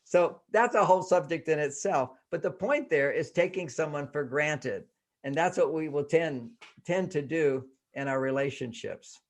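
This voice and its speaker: Male guest author, brightish higher pitch, chatty and animated, slips into acted quotes. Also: moderate pace. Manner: animated, laughing, acts out quoted speech. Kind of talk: casual interview talk.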